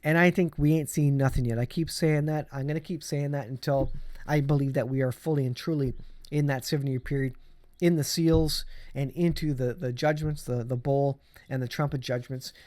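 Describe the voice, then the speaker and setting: A man's voice: medium pitch, fairly even intonation, moderate pace, a little mellow. A middle-aged man hosting his own channel, talking earnestly about faith and the end times with many fillers and restarts. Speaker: channel host. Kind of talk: casual religious commentary vlog.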